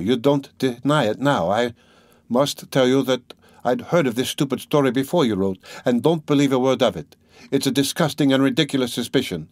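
A man reading an audiobook, voicing a proud, distressed young woman who speaks urgently and pleads with rising pitch. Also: a little mellow, no room sound, studio quality, lightly acted.

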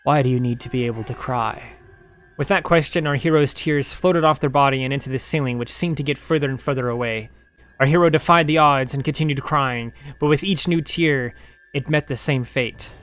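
Lively man reading his own short story. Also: a little high, a little fast, clear, resonant tone, faint music behind. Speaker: storyteller, channel host.

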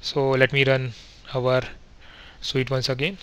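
Guy doing a screen-recorded coding lesson, bright tense voice, lots of uh and restarts, step by step. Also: medium pitch, flat delivery, a little slow, clean tone. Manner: methodical step-by-step, frequent fillers and self-corrections. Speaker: software testing instructor.

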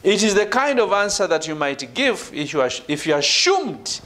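A man from Uganda giving a university lecture, emphatic, with "right" and "ladies and gentlemen" tagged onto his phrases. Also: sing-song, normal speed. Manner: emphatic, falls low at phrase ends. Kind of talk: academic lecture.

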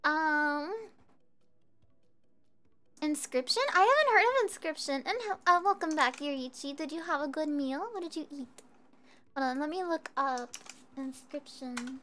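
A woman streamer chatting casually with viewers while she plays a game, bubbly and quick to giggle. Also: high voice, soft background music. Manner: bubbly, giggly, easily excited. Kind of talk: casual gameplay chat.

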